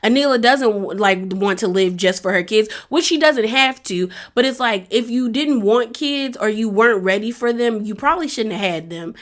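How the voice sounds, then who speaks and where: Chatty, opinionated woman with a slightly high voice. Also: moderate pace, hardly any pauses. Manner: chatty and opinionated, heavy use of "like", acts out quotes. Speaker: reality TV recap commentator. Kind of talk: casual recap commentary.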